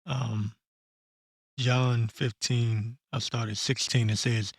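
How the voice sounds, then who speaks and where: A man ranting bluntly and profanely in an unscripted commentary, stopping to read verses slowly and correct himself. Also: medium pitch, flat delivery, husky, no echo, clean studio sound. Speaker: online commentator. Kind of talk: blunt unscripted rant with scripture reading.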